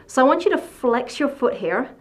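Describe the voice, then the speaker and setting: A woman's voice: high voice, expressive, normal speed. Encouraging female fitness instructor. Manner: encouraging, coaching cues in short bursts. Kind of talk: workout instruction.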